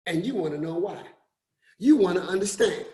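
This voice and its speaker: A man giving a motivational talk to an online group, repeating his points and swinging between loud emphasis and quiet drops. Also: high-pitched, expressive, moderate pace. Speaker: forex coach and motivational speaker.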